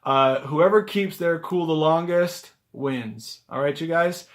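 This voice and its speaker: A rideshare driver vlogs to a handheld camera on a gimbal, casually telling a story in a chatty, animated way packed with "like" fillers. His voice is a little high, and he takes his time.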